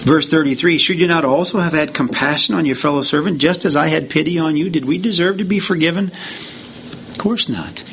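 A man with a fairly high voice preaches a sermon, lifting his voice as he reads scripture and then dropping into plain, conversational asides. The recording is dull and lo-fi, with a faint hiss underneath. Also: fairly quick, gravelly, a bit bright. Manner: rises in pitch and volume when reading verses aloud; conversational asides between readings. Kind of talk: sermon reading and explaining scripture. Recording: dull lo-fi sound with faint noise.

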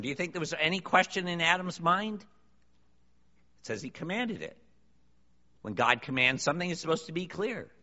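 A man's voice: high voice, expressive, unhurried, sharp tone. A man preaching a sermon to a congregation, emphatic and full of rhetorical questions. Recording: long hall reverb, dull lo-fi sound.

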